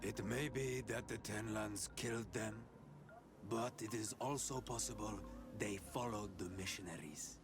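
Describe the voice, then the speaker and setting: An actor playing a solemn native master hunter in a role-playing game, measured and grave. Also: male voice, lowish voice, music in the background.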